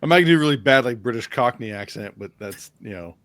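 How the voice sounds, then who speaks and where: A man's voice: medium pitch, lively intonation, quick pace, a bit bright, a little hiss or hum. A man co-hosting a podcast, chatting casually with a lot of swearing and laughter. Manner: laughs often, mock voices when quoting. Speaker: podcast co-host. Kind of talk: casual profane banter.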